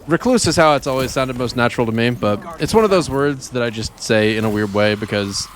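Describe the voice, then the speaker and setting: Animated man chatting on a game stream. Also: medium pitch, fairly quick. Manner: rambling, self-deprecating, chats with viewers while playing. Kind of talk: casual gaming stream chat.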